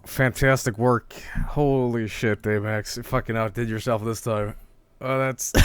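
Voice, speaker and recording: A young adult man telling an animated, profane story, laughing often and acting out quotes in high voices. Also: clear, resonant tone, no room sound. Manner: profane and excitable. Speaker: streamer reacting to an animation.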